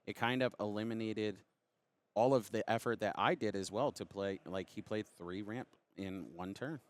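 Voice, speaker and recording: A man's voice: on the low side, normal speed. A man giving conversational, analytical color commentary on a card game tournament, drawing on his own play.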